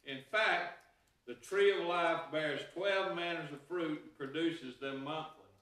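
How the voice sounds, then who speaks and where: A man preaches with a high, ringing, bright voice, telling folksy homespun stories between Scripture passages. The sound is heavily reverberant and set back from the microphone, as in a church sanctuary. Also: unhurried. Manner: folksy storytelling with homespun anecdotes. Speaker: pastor. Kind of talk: sermon. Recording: very echoey room, voice heard from a distance.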